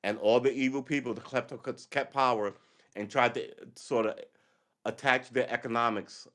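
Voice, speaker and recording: A man's voice: mid-range voice, steady tone, moderate pace, a bit bright. A man hosting a livestream, delivering a rambling, sarcastic political monologue with frequent profanity. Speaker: livestream host.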